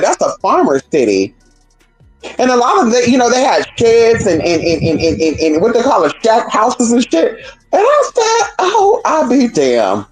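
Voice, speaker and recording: In poor-quality audio, a woman with a fairly high voice rants to her stream in a casual, profane, rambling monologue. She calls her listeners "girl" and asks "hello?"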